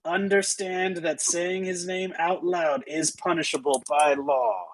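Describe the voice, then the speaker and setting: A man voicing a deadpan, bored female city guard who talks in a flat, curt monotone. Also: fairly high pitch, normal speed, poor audio.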